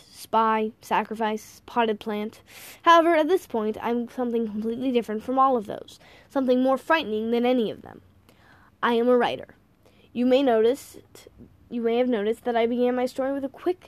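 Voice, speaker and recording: A woman narrates an audiobook with wry, playful delivery. Her voice sits a little high, and the recording is dry and close with no room around it. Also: darkish tone, no room sound.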